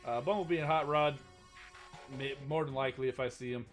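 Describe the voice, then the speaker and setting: A man's voice: mid-range voice, steady tone, fairly quick, soft background music. A man hosting a live stream, chatting casually about toy news and reading out chat questions, rambling with many restarts. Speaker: stream host.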